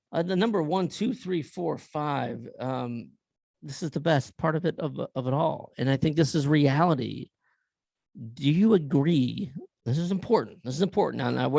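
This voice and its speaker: A man's voice: fairly high pitch, gravelly, darkish tone, dry recording. A man hosting his own podcast, ranting bluntly with profanity and firing off rhetorical questions. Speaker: podcast host. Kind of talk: opinion rant.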